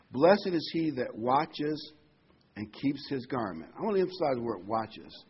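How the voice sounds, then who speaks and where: A man's voice: mid-range voice, a little hiss or hum. A man preaching a conversational sermon, stressing points by repeating phrases. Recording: dull lo-fi recording.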